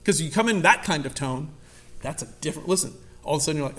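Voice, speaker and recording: Animated high-voiced male preacher. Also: racing. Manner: animated, conversational, acts out quotes with sudden loud high voices. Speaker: pastor. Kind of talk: sermon.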